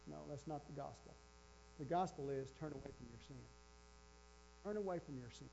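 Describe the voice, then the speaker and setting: A man's voice: fairly high pitch, a little fast, creaky, pauses often, dark tone. A man preaching a sermon with emphasis, repeating his key phrases. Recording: dull lo-fi with faint electrical hum.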